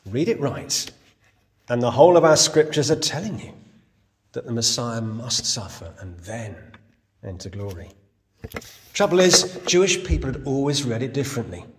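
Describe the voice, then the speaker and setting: A man preaching a sermon. He tells the story in an animated voice that rises and falls widely, and he keeps asking his listeners questions. His pitch sits in an ordinary middle range. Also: moderate pace, in a large hall, slight background noise. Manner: lively, storytelling, rhetorical questions. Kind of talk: sermon, Bible exposition.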